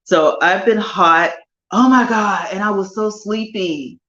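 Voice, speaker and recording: A woman hosting a casual live chat with viewers from her home sunroom, animated and chatty with drawn-out emphasis. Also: medium pitch, reverberant, muffled recording. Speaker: livestream host.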